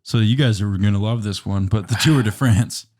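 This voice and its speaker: A man's voice: on the low side, normal speed, a little mellow. A man co-hosting a comedy podcast in casual chat, steering his friends through an improv sketch and laughing often. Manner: directs the bit, laughs often. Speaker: podcast co-host.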